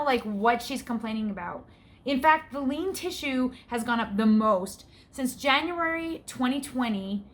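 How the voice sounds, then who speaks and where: A woman in her forties vlogs in a frank, chatty, casual manner, sometimes getting exasperated, and her breathing is often audible. Her voice is on the high side and a bit bright.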